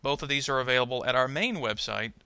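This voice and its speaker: A man teaching English pronunciation, speaking slowly and deliberately and saying each example word twice. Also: medium pitch, sharp tone, clear, resonant tone, no echo. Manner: slow, deliberate, models example words twice. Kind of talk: instructional narration.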